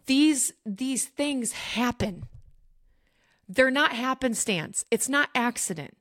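A woman's voice: a little high, measured pace, a bit bright, no echo, studio quality. A woman hosting a faith podcast, talking earnestly and emphatically straight to her listeners. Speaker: podcast host. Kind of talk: faith teaching podcast talk.

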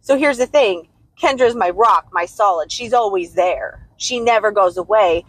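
A woman's voice: medium pitch, normal speed, breathy edge, no room sound. A woman from the United States co-hosting a podcast in casual chat, blunt and emphatic and swearing freely. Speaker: podcast co-host.

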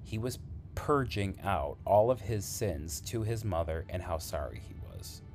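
A man who works as an emergency responder, earnestly retelling a frightening call in halting, conversational storytelling. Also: sits low, animated, darkish tone, faint music behind. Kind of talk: spoken storytelling.

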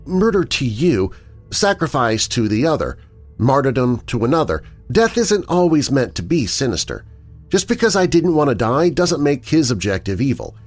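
A level-headed young woman explains things in a measured, matter-of-fact tone, as a male narrator puts her on. The voice is lifted above his usual pitch with lively rises and falls. Faint music sits under it. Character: young woman, the hero's sister, bookish and calm.

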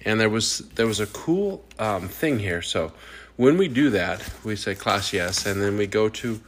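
A man's voice: fairly low pitch, lively intonation, moderate pace, husky. A man who teaches third grade, talking casually about classroom methods in a loose, rambling way with plenty of fillers.

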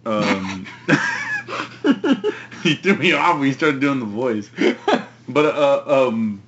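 A man chats about movies in a halting way, with lots of fillers and swearing. His pitch swings widely and animatedly in a mid-range voice. The recording is dull and lo-fi. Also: huge pitch swings, a bit bright. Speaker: podcast co-host. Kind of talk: casual chat about movies.

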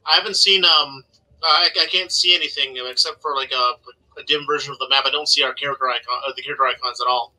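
A man's voice: mid-range voice, fairly even intonation, fast, bright, forceful tone, low-quality recording. A man playing a tabletop game, talking in an unsure, rambling way. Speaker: player. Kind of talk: casual chat.

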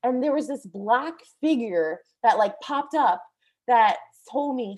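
A young woman vlogger casually recounting a frightening experience, animated and full of fillers, with some swearing. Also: fairly high pitch, takes it slowly. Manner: breathless, animated, many fillers. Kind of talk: casual storytelling.

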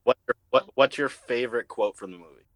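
A man's voice: medium pitch, a little fast, dry recording. A man hosting a podcast, casually prompting his co-hosts with questions about a movie. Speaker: podcast host. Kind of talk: casual chat.

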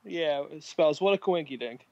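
A man's voice: fairly high pitch, lively intonation, moderate pace, gravelly, darkish tone, muffled recording. A man in casual podcast chat, mostly adding brief agreement and wry quips. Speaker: podcast co-host.

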